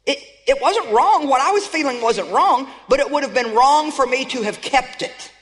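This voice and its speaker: A woman preaches with emphatic, storytelling fervor, calling out to her congregation and now and then rising to a shout. Her voice rings with the long reverb of a large hall. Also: high-pitched, animated, normal speed. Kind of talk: sermon.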